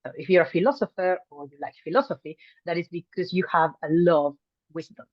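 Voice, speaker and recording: Speaking quickly in a voice on the low side, a woman runs an online language class with friendly chatter, frequent ums and restarts. The video call mic gives dull, dry audio without echo.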